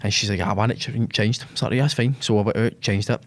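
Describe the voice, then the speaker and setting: A man's voice: fairly low pitch, fast talker. A Scottish man, a business owner and podcast guest, telling a rambling story in casual, sweary chat and saying "mate" constantly.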